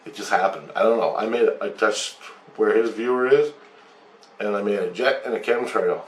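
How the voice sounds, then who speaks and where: Low-voiced man, casual profane storyteller, echoey room. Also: normal speed. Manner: rambling, profane, animated retelling with acted-out quotes. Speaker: channel host. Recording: echoey room with faint noise.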